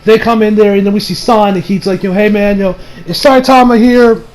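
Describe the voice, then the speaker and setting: A man's voice: sits high, flat delivery, fast, darkish tone, rough recording. A young man giving a rambling, casual recap of an anime episode, acting out the characters' lines and laughing as he goes. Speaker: anime reviewer.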